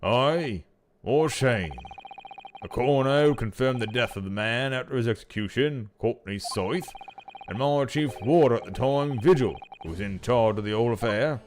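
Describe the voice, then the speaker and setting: A man voicing a gruff old prison governor with a put-on Scottish accent, brusque and folksy, using Scots words while reading game dialogue. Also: medium pitch, normal speed, a little mellow, slight background noise, pitched above the performer's own voice, lightly acted.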